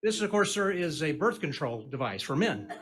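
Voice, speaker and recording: Brief: male stage magician, slightly high voice, corny punning patter, teasing the crowd live. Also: very animated, normal speed, fairly bright tone. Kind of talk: comedy magic act with audience banter. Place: live stage before an audience.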